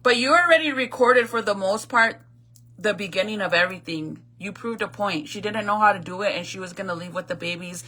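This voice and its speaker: A woman's voice: mid-range voice, a little fast, sharp tone. A woman talking straight to her viewers in casual storytime commentary, blunt and chatty, swearing freely as she retells a family dispute. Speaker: vlogger retelling a viral video.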